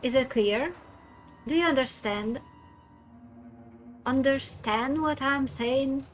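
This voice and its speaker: A woman reads a blunt male gang heavy from a story game, menacing and short with strangers. The threats come out plainly in a slightly high voice. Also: slow, faint music behind.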